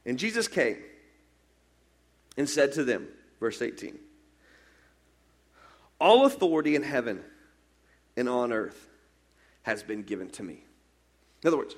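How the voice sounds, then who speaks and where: A young man preaching a conversational sermon, animated and casual, acting out scenes as he tells them. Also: mid-range voice, measured pace, long pauses. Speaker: pastor.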